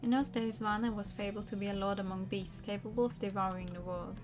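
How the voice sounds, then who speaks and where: A woman streamer reads a game's story aloud with theatrical emphasis. Her voice sits at an ordinary middle pitch, and she breaks off now and then for casual remarks. Faint music plays behind her. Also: fairly even intonation, a little fast. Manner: dramatic read-aloud with chatty asides. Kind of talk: reading game text aloud on stream. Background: faint background music.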